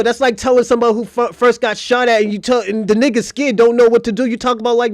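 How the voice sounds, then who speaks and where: Male commentary host, high-pitched, dry close sound; profane, insistent, repeats his points. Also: fairly even intonation, fast talker, few pauses, dry recording. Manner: emphatic, profane, repetitive, argumentative. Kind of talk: casual livestream commentary.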